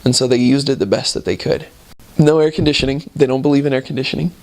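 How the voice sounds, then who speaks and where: A man, a returned missionary, telling casual stories about his mission in a relaxed, rambling way with frequent chuckles. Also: medium pitch, quick pace, gravelly.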